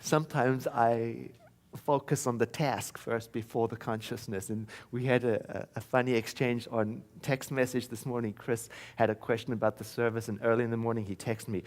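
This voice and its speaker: A man from South Africa preaching in a church, with a voice of middle pitch. He tells a personal story in a relaxed, conversational way. At times he slows down and drops into quiet, repeated affirmations. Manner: warm conversational storytelling that turns into slow, soft chanted affirmations. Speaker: minister. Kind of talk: sermon with storytelling. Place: church sanctuary.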